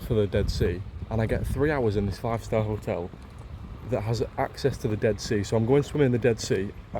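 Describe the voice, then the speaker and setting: In a mellow, mid-range voice with a little hiss or hum on the recording, a Leeds-born travel vlogger speaks with a Yorkshire English accent. Talking to his handheld camera in a casual vlog, he gushes enthusiastically and says things more than once.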